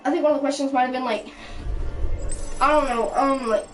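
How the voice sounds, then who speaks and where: A woman's voice: high voice, steady tone, fairly quick. A woman telling a casual storytime rant, rambling with many restarts and fillers, sounding indignant. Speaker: storytime vlogger. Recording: voice from a distance with clear background music.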